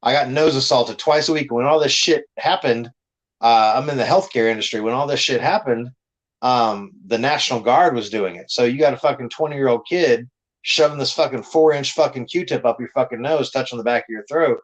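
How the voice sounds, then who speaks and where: A man's voice: mid-range voice, a little fast, low-quality recording. Profane, blunt man telling stories. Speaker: comic creator. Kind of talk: casual podcast chat.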